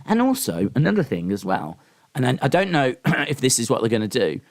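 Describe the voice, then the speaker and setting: A man's voice: medium pitch, very animated, brisk. A man hosting a casual live stream, talking in a rambling, opinionated way with lots of ums and restarts. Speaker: live-stream host reacting to wrestling and boxing.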